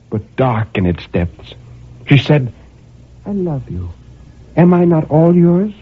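A low, husky male voice reads a dark first-person tale, brooding and then bursting out with feeling, his pitch swinging widely. The recording is tinny and narrow, like a phone line. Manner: brooding, with impassioned outbursts. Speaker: narrator. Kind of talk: dramatic first-person story reading.

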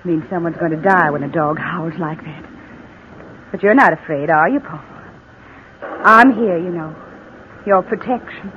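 A woman's voice: lowish voice, lightly acted. A woman playing a cold, mocking vengeful wife. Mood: teasing. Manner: calm, taunting, slow and deliberate. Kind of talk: 1940s radio acting. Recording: tinny old radio broadcast, faint hiss.

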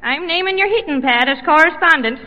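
A woman's voice: sits high, expressive, a little fast. A woman voicing a feisty, fed-up old wife with a rustic, ungrammatical drawl in a 1940s radio comedy sketch. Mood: scolding. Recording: dull, echoey old broadcast with loud noise. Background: studio audience laughter.

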